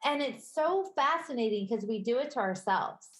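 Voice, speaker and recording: A woman with a Midwestern accent co-hosting a podcast in casual chat, conversational and quick to laugh. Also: on the high side, animated, a bit bright. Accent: Midwestern American. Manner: conversational, laughs easily, self-correcting. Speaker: podcast co-host. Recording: roomy echo.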